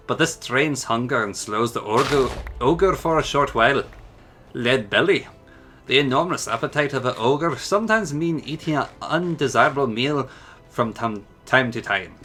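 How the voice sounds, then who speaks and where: A man's voice: mid-range voice, pushed and bright. A man reading out ogre lore in a put-on Scottish accent, declaiming it in a hammy storybook way.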